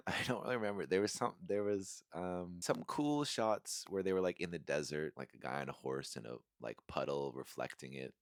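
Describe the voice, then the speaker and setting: A man with a low voice rants casually about movies, rambling through fillers and frequent chuckles. He gets emphatic when he lands on a complaint. The sound is close and dry. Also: animated, moderate pace, vocal fry, no room sound. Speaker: movie reviewer.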